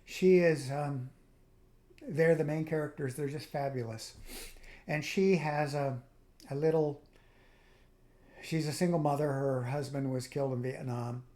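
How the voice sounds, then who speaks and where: A man's voice: fairly high pitch, steady tone, unhurried, long pauses, dark tone. A man hosting his own video, talking through a reflective spiritual monologue in a rambling way, with frequent restarts and trailing asides. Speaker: video host.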